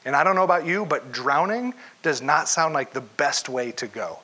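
A man preaching a sermon as pastor, telling a story with animated energy and putting questions straight to his congregation. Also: on the high side, normal speed, hardly any pauses.

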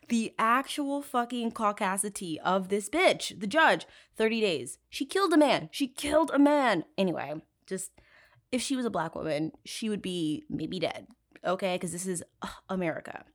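Profane, sarcastic woman podcast host. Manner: profane, sarcastic and outraged, laughs often; swings between loud outbursts and low asides. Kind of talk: casual true crime storytelling.

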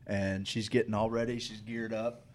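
A man's voice: on the low side, little pitch movement, moderate pace. Laid-back man telling a story. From St. Louis area, USA. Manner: storytelling, laughs often, swears freely. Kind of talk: casual chat.

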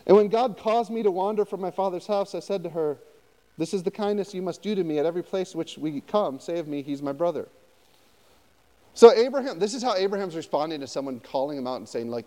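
A man pastor preaching a conversational sermon, often turning to his listeners with quick questions. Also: high-pitched, long reverb tail. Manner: conversational, animated, asks the audience often.

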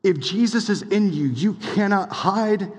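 A man's voice: high-pitched, a little slow. Casual young man preaching in a hall. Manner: casual, animated preaching with many "like"s and asides. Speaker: pastor. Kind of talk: sermon. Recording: long hall reverb.

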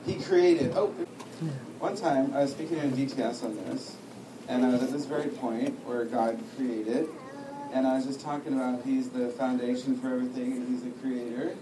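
A man's voice: mid-range voice, fairly even intonation, normal speed. A man teaching a sermon, telling a story with humor and acting out what people said. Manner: storytelling with humor, acts out dialogue. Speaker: preacher. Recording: echoey room, distant mic, noisy.

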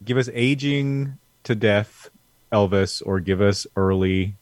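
A man's voice: fairly low pitch, slow pace, a little mellow, dry recording. A man co-hosting a podcast, chatting casually with wry jokes. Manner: joking, wry. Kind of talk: casual chat.

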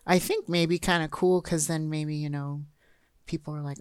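This is a woman with a low voice, recorded close and dry, chatting casually on a film podcast. She laughs often and acts out voices when she quotes people. Her tone stays loose and conversational. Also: steady tone, normal speed, smooth, dry recording.

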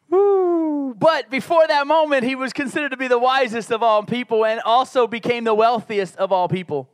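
High-voiced joking preacher. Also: male voice, a little fast, few pauses, clear, resonant tone. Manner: conversational, joking preacher who builds to emphatic peaks. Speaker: pastor. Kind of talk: sermon.

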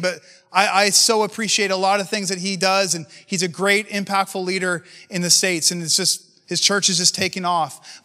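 A man's voice: high voice, bright, forceful tone, big-room sound. A man preaching to church leaders with passion, talking in a conversational way and asking many rhetorical questions. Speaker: pastor.

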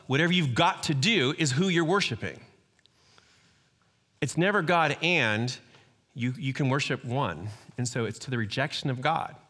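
A middle-aged man preaching a sermon in a lively, conversational storytelling way, often acting out voices. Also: a little high, normal speed. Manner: animated, acts out quoted voices, conversational storytelling. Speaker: pastor. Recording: hall reverb.

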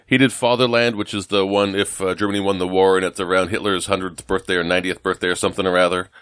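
A man from the United States rambles through a casual chat as a podcast co-host, trailing off and restarting with plenty of fillers. His voice sits fairly low, and the recording is dry and close with no room sound. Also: flat delivery, fast, a bit bright, clean tone, dry recording. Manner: rambling, self-deprecating, lots of fillers and restarts.

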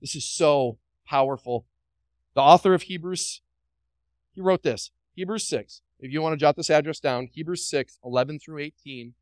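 A man's voice: a little high, normal speed, no echo, poor audio. A pastor delivering a sermon to his congregation. He preaches emphatically, repeats phrases, asks the room questions and drops light joking asides.

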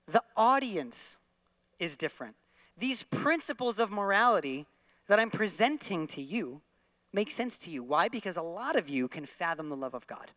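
Bright-voiced man preaching. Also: high-pitched, normal speed, no room sound. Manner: animated, leads the congregation in repeating lines. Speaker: pastor. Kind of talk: sermon.

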